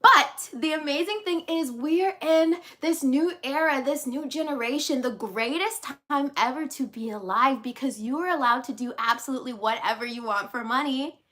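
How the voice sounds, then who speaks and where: Woman vlogger, high voice, bright and sharp tone, bubbly, casual chatty talk. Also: normal speed, few pauses. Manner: bubbly, laughs often, chatty asides. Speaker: life and business coach.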